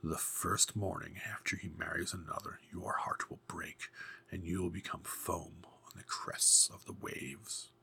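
A man voicing a scheming old female sea witch in a hoarse, menacing whisper. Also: deep voice, steady tone, unhurried, bright, forceful tone, heavily acted. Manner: sly, menacing.

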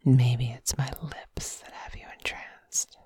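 A woman's voice: rumbling low, little pitch movement, slow pace, warm tone, slightly rough, dry recording. A woman in an intimate whispered role-play, speaking in a teasing, commanding way close to the ear. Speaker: audio role-play performer.

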